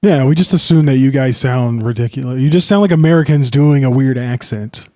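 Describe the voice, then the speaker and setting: Talking casually about a film on a podcast, a young co-host curses frequently. He speaks a little fast in a mellow, medium-pitched voice.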